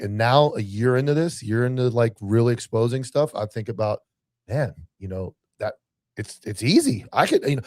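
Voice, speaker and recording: A man's voice: mid-range voice, very animated, a little fast, darkish tone, no room sound. A man hosting a podcast, talking in a casual, rambling way with many restarts. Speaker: podcast host. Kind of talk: casual chat.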